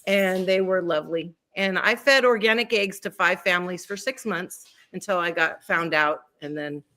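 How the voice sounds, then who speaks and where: A woman's voice: lowish voice, normal speed, bright, forceful tone. A middle-aged woman, a guest telling stories in a chatty, easygoing way. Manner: chatty, storytelling, laughs easily. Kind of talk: casual interview chat.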